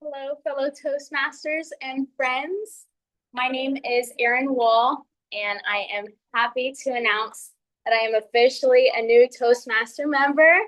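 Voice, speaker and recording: A woman's voice: high-pitched, fairly even intonation, measured pace, a bit bright, poor audio. A young woman with a Texan accent giving a friendly, earnest ice-breaker speech at a public speaking club. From San Antonio, Texas. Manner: friendly, earnest, laughs between points. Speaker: Toastmasters speaker.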